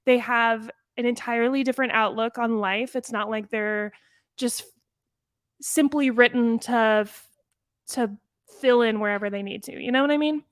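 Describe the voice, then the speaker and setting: Lively, quick-talking woman podcast co-host. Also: fairly high pitch, dry recording. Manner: animated, quick bursts, frequent "like". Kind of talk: casual review chat.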